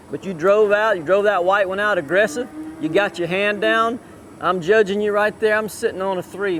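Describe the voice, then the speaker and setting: A man with a high-pitched voice coaches a rider through a cutting run in an outdoor arena. He calls out short commands and repeats them over and over. Faint traffic and outdoor sounds sit behind him. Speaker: cutting horse trainer. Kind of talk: live riding coaching.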